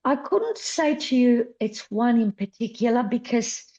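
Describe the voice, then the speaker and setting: A woman's voice: fairly high pitch, animated, a little slow, mellow, dull audio. A woman in her fifties, a flamenco dancer guest, talking earnestly and repeating words for emphasis in an interview. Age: 50s. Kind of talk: conversational interview.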